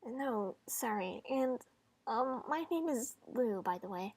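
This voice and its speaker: A woman's voice: on the high side, lively intonation, slow, darkish tone, slightly rough, no echo, full character voice. Woman reading a shy, apologetic young protagonist. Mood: timid. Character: timid, friendly young protagonist.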